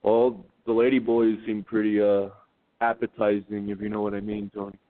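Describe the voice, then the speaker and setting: A man's voice: fairly low pitch, little pitch movement, normal speed. A man calling into a radio show, rambling and hesitant with lots of fillers. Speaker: caller. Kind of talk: call-in talk radio. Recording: tinny phone line.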